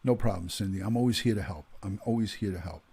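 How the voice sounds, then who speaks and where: A husky man in his fifties chats casually on a livestream. His voice sits low, and he greets viewers by name, his talk full of ums and uhs. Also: quick pace, a little mellow. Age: 50s. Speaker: retired police detective hosting a livestream.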